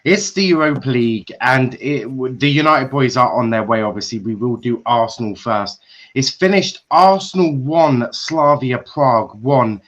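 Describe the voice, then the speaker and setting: A man hosting a football chat stream, introducing the results and handing over to guests in a relaxed, friendly way. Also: medium pitch, moderate pace. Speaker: host. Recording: dull lo-fi call audio.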